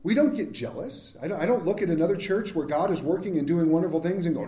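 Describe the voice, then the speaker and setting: A man's voice: on the high side, expressive, fast talker, few pauses, warm tone. A man preaching a sermon as pastor, candid and self-deprecating in a conversational way. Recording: echoey church sanctuary.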